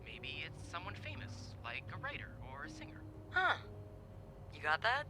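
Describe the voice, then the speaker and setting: A woman's voice: sits low, huge pitch swings, moderate pace, heavily acted. A woman voicing a friendly game character who helps with a riddle, speaking in an easygoing way. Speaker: game character, helper on call. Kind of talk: video game voice acting. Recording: game dialogue over loud music.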